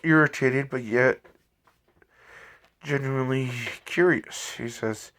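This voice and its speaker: A man narrating an improvised story in a halting, self-correcting way. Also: medium pitch, a bit bright.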